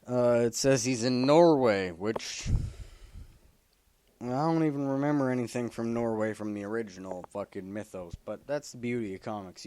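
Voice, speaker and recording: A man's voice: medium pitch, smooth, no room sound. A man reviewing comic books in a casual, rambling way, swearing constantly and filling gaps with fillers. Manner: profane, rambling, full of fillers. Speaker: comic book vlogger.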